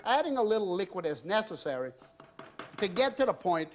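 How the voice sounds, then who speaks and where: A man's voice: high voice, sing-song, a little fast, a little hiss or hum. A middle-aged man with a Louisiana accent hosting a cooking demonstration in a home kitchen, talking in a chatty, folksy way and calling his viewers "y'all". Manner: folksy and exuberant, often says "y'all" and "I tell you". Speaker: TV cooking show host.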